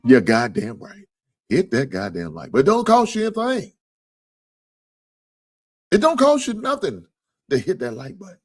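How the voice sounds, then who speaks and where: Animated joking sports-talk host, man. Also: mid-range voice, normal speed, long pauses. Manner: loud, joking, swears freely, thanks donors. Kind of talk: casual livestream sports talk.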